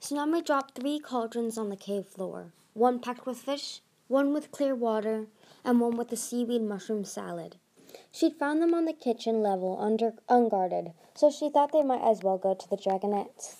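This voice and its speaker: A woman hosting a podcast and reading a novel chapter aloud at a steady pace, with occasional restarts. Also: on the high side, moderate pace. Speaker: podcast host reading a book. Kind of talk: storybook read-aloud.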